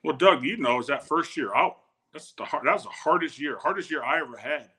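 A man in his forties, a former football player, telling animated anecdotes in a casual chat and acting out the people in them. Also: on the high side, brisk, slightly rough. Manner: animated anecdotes with repeated starts, quotes others. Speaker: guest, former football tight end.

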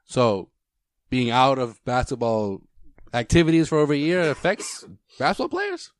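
A man who trades crude teasing on a sports podcast. His pitch rises and falls widely, and the sound is close and dry. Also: very animated, moderate pace, no room sound. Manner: teasing, profane ribbing. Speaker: podcast co-host. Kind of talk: casual sports chat.

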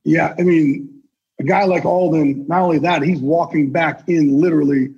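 A man's voice: a little high, fairly even intonation, normal speed, vocal fry, a little mellow, slight background noise. A man guesting on a podcast, talking intensely and earnestly with salty language. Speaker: guest, sportswriter and NFL insider. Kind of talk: casual podcast conversation. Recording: dull lo-fi sound.

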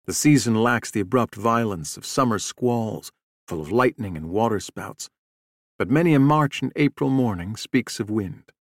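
A man reading a true sea-rescue story aloud in a measured, steady audiobook narration. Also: fairly low pitch, no echo, clean studio sound.

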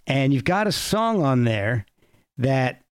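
Guy hosting a podcast, slow easy talker, excited about the records, dry mic. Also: medium pitch, clear, resonant tone, dry recording. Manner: enthusiastic listener, brief reactions. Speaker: podcast host. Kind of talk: casual interview chat.

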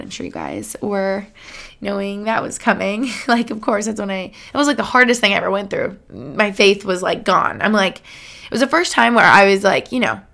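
A woman's voice: medium pitch, vocal fry, a bit bright. A woman in her late twenties hosting a solo podcast, talking casually and emotionally with frequent "like" and laughs. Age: late 20s. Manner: chatty, heavy use of "like", laughs often, emotional. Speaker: podcast host.

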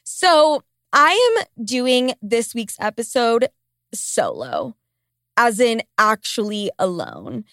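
A woman's voice: on the high side, wildly swooping pitch, takes it slowly, fairly bright tone, no room sound. Congested woman in her twenties, dry sound. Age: 20s. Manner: profane, sarcastic, rambling. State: congested with a cold. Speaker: podcast host. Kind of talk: casual solo podcast chat. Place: small home studio in a basement. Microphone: studio microphone.

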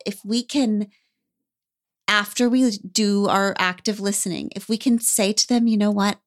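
Woman cohost on a podcast, mid pitch, earnest and thoughtful, lots of like and you know. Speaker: podcast co-host. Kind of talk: casual chat.

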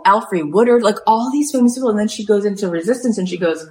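A woman hosting a talk show, retelling a story in a chatty, animated way with lots of filler words. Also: medium pitch, quick pace, few pauses, poor audio. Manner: lively, retells events with acted-out quotes. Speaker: podcast host and coach.

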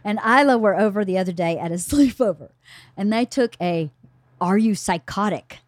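A woman's voice: mid-range voice, expressive, normal speed, dry recording, clean studio sound. A middle-aged woman hosting a casual book club podcast, telling family stories in a chatty way. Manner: chatty storyteller, acts out family dialogue. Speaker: podcast host.

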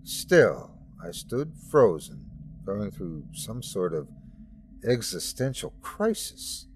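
A man's voice: fairly low pitch, big pitch swings, slow pace, slight background noise. A man narrating a first-person horror story as host of the show.

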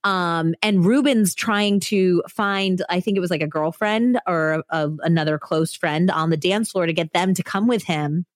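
A woman's voice: on the low side, normal speed, hardly any pauses, no room sound, clean studio sound. A woman hosting a podcast, recounting a true crime story in a casual, chatty way full of "like" and "you know". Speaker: podcast host.

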